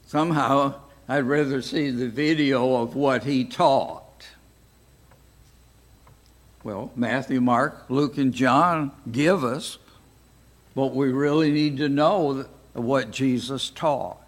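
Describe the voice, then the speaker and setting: An older American man teaching a Bible study class, speaking slowly and deliberately with frequent pauses. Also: medium pitch. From United States. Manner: slow, deliberate, pausing often.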